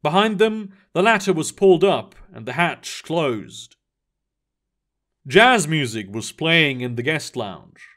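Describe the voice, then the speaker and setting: A man narrating a sci-fi story aloud in an expressive reading style. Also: fairly high pitch, slow.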